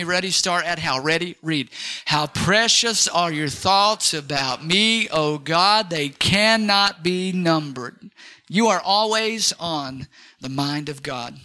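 A male pastor preaching an energetic sermon, leading the congregation in call-and-response. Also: high-pitched.

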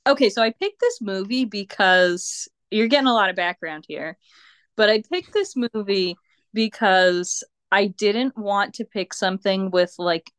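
A woman guest on a podcast, chatting casually in an unhurried way and laughing often. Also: mid-range voice, a bit bright, clean tone, no room sound, clean studio sound. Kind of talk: casual chat.

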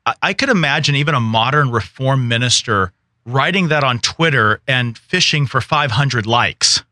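A man's voice: mid-range voice, moderate pace, bright, forceful tone, no room sound, clean studio sound. A man hosting a podcast interview, talking in a thoughtful, conversational way with frequent restarts. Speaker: podcast host.

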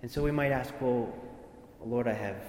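A man delivers an earnest sermon in a steady middle voice, doubling back on his words as he goes. The sound carries a long hall reverb with a faint rumble underneath. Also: moderate pace. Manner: earnest, repeats words, voices imagined speakers. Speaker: preacher.

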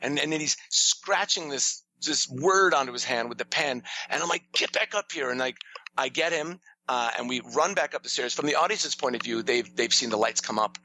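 At normal speed, a storyteller-playwright shares an animated backstage story in an interview conversation, jumping suddenly in pitch as he acts out quotes. The audio is rough.

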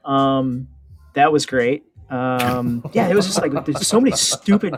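A man's voice: medium pitch, animated, unhurried. A man co-hosting a radio show, telling a story in an easygoing, rambling way. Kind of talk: casual chat.

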